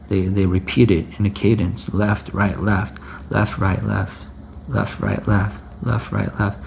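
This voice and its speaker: A male preacher speaks in a low, gravelly voice. He delivers an exhorting sermon, hammers phrases through repetition and checks in with a "right?" at the end of many lines. A faint background hiss runs under the recording. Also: a little mellow.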